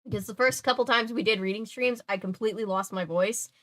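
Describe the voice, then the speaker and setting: A woman's voice: medium pitch, fast, fairly bright tone. Young woman streamer, casual filler-heavy chat, mid-range voice. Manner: chatty, many filler words, talks to chat. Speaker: live-stream host reading a book aloud.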